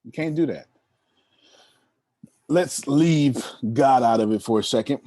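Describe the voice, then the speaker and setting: A man in his thirties with a middling pitch gives an animated storytelling talk as a motivational speaker. He turns to his listeners directly and teases them as he goes, and the recording is dry and close, with no room echo. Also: measured pace. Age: 30s.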